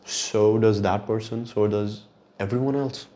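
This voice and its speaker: Low-voiced man musing casually. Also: fairly even intonation, measured pace, mellow. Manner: reflective, rambling, swears casually. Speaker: podcast host. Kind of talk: casual monologue.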